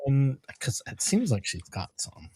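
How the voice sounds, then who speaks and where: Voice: medium pitch, wildly swooping pitch, a little slow, darkish tone, husky. A stream co-host chatting casually and animatedly, slipping into mocking asides. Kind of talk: casual chat.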